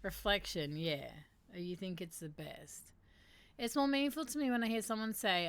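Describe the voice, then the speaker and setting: A woman's voice: medium pitch, normal speed. A woman hosting a casual stream, reading statements aloud and reacting candidly and emotionally. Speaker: streamer host. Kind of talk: casual reflective stream chat.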